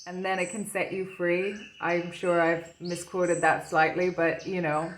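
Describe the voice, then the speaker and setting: A woman's voice: on the low side, level tone, unhurried. A woman giving an intuitive tarot reading, dreamy and gushing with wonder at the cards. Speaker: tarot reader.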